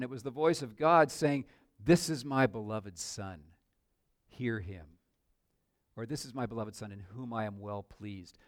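An older man preaching a sermon as a pastor, earnest, with sudden swells and drops in loudness. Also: mid-range voice, no room sound, studio quality.

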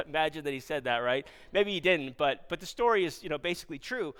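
A man's voice: mid-range voice, lively intonation, very fast, fairly bright tone, clear, resonant tone, long reverb tail. A man preaching as a Baptist pastor, in an eager, conversational sermon style with asides and small laughs.

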